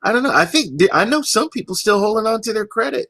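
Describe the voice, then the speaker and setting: An enthusiastic male co-host on a live gaming stream, his bright voice sitting at a middle pitch as he talks casually. He drives his points home to viewers, and the sound is dry and close. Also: sing-song, quick pace, no echo. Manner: enthusiastic, emphatic, addresses viewers. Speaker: podcast co-host.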